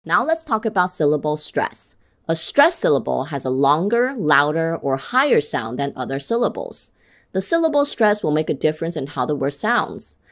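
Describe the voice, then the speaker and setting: A woman giving scripted instruction on English pronunciation, saying example words slowly and clearly to model them. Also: low-pitched, sing-song.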